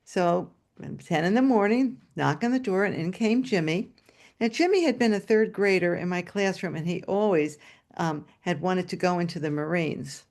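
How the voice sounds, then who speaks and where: An older woman telling a personal story at a story swap over a video call, lively and expressive, voicing the dialogue. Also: lowish voice, moderate pace.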